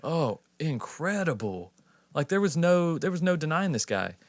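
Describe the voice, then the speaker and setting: A man's voice: a little high, very animated, moderate pace, no echo, clean studio sound. A man co-hosting a podcast in eager, casual chat, swearing freely. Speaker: podcast co-host.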